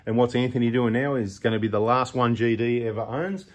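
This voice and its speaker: A man's voice: mid-range voice, brisk, slight background noise. A middle-aged Australian man hosting a four-wheel-drive channel, giving chatty, opinionated advice full of rambling asides. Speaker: host of a 4x4 channel. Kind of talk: casual talking-head advice.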